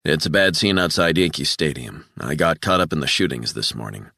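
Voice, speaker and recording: Male narrator reading a terse, level investigator, deep and bright, dry sound. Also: expressive, brisk, no echo, exaggerated voice. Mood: calm.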